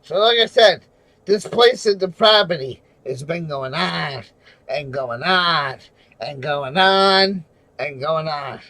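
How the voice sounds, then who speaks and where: Furious high-voiced man ranting on a livestream. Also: lively intonation, takes it slowly, no room sound, low-quality recording. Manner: furious, profane, shouting. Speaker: livestreamer and auditor. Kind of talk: angry livestream rant.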